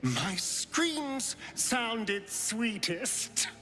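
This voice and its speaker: An actress playing a haunted female vampire spawn who speaks quietly and mournfully. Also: on the high side, very animated, drawn-out words, soft background music, heavily acted.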